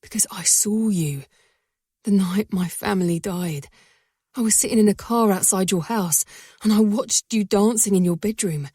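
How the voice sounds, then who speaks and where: A woman voicing a dangerous but tender young mafia man in an audiobook, speaking low and intense, often in a whisper. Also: moderate pace, mellow, husky, no echo, studio quality, natural voice. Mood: fervent.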